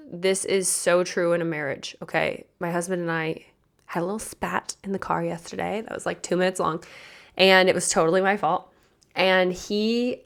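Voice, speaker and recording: A young woman hosting a motivational podcast as a pageant coach, chatty and energetic, often asking her listeners questions. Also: on the low side. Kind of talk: motivational solo podcast talk.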